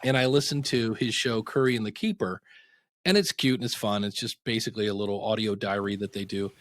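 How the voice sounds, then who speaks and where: A middle-aged man, a podcasting teacher, telling anecdotes in a casual interview and acting out quotes with sudden pitch jumps. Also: a little fast, no echo.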